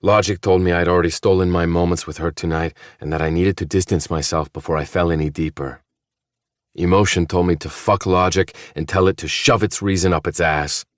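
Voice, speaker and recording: A man reads a first-person novel for an audiobook in a measured, low-key, intimate style with a steady tone. The studio-quality recording has no echo.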